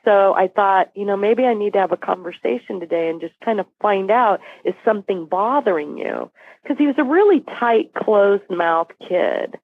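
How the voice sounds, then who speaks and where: A woman's voice: mid-range voice, lively intonation, normal speed, no echo. A woman guest retelling a personal story vividly, acting out what people said. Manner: vivid retelling, acts out dialogue. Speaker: podcast guest. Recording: phone-like dry line.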